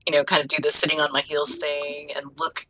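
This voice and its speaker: Woman, tabletop player, low voice, eager inquisitive questions. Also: flat delivery, brisk, bright, forceful tone, poor audio. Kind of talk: casual tabletop play.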